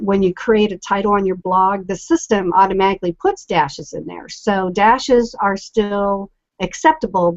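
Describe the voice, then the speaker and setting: A woman's voice: medium pitch, no echo. Chatty woman explaining stuff on a web show, dry close sound, kinda lo-fi. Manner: chatty, explains with examples, many fillers. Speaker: co-host. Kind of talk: casual online show discussion. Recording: dry, lo-fi call audio.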